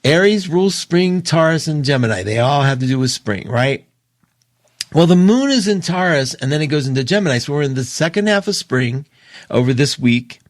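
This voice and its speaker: A man hosting an astrology show, talking casually and emotionally, opinionated and quick to laugh. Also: on the high side, animated, no room sound, clean studio sound. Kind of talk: casual livestream talk.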